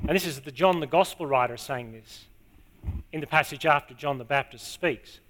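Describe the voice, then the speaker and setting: A man preaching a sermon to a congregation, stressing key words and repeating them slowly. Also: on the high side, a bit bright. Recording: long hall reverb.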